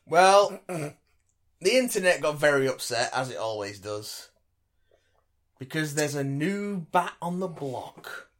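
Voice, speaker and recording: A man co-hosting a comedy podcast, teasing and theatrical. His voice is bright and sharp, swooping widely up and down in pitch. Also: big pitch swings, takes it slowly. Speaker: podcast co-host. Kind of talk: casual comedic podcast chat.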